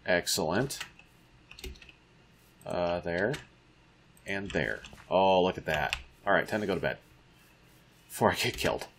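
A man's voice: low-pitched, a little slow, long pauses, a bit bright, slight background noise. A man giving casual let's-play commentary, muttering to himself and taunting the creatures in the game. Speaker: gamer.

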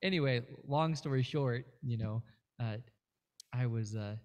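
A man's voice: mid-range voice, measured pace. A man appearing as a guest musician, telling a rambling story in casual interview chat, full of fillers and restarts.

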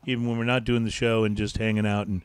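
A podcast co-host in a bar or taproom wraps up a casual chat show in an easygoing way, thanking people and plugging upcoming episodes. His fairly low voice is smooth and level at a quick pace, with no room sound.

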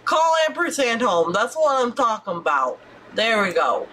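A young adult woman streaming gameplay live, chatty and excitable, with frequent swearing and exclamations. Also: a little high, moderate pace, a little hiss or hum.

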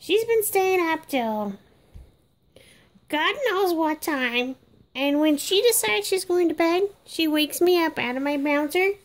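A sassy, fed-up baby girl doll, as a woman voices her with an extremely high, squeaky voice. She grumbles and complains in an exasperated rant aimed straight at the viewers. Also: animated, slow pace, heavily acted. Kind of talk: comedic monologue in character.

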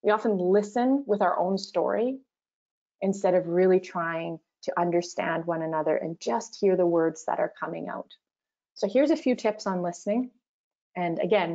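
A woman leading an online workshop, speaking gently and encouragingly as she guides a mindfulness practice. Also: on the low side, highs cut off. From Canada. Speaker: workshop facilitator.

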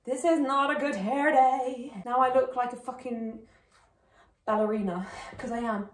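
A woman's voice: a little high, fairly even intonation, measured pace, distant mic. Chatty young woman vlogging in a roomy space. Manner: chatty, joking, swears casually. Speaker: YouTube reactor. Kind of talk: casual reaction vlog chat. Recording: roomy recording with faint music behind.

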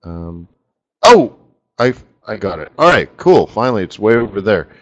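A man's voice: lowish voice, big pitch swings, normal speed, vocal fry, poor audio. A middle-aged man hosting a casual live trading webinar, talking in a rambling, chatty way with asides about his screen tools. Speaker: forex market strategist hosting a live webinar.

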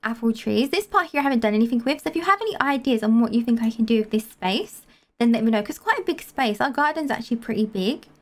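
Girl doing a game tour, chatty and excitable, kinda high voice. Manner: chatty and excitable, quick to gasp and laugh. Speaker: gaming video host. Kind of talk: casual gameplay tour chat.

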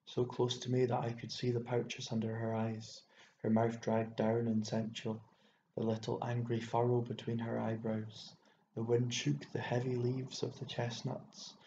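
A man narrates a literary short story in a steady, measured way. His voice is gravelly and dark, with little rise and fall. The recording is dull and lo-fi, with an echoey room sound. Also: medium pitch, slight background noise. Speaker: audiobook narrator.

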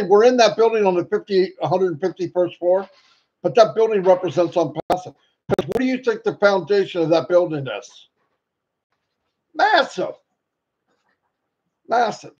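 A man hosting a casual livestream, excitable and greeting viewers by name. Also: high voice, moderate pace, long pauses. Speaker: livestream host. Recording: dull lo-fi sound, faint noise.

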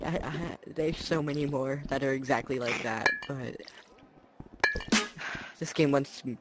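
A man's voice: medium pitch, measured pace, long pauses, over music. An exasperated man being interviewed as a player, complaining and swearing, recorded on a headset mic.

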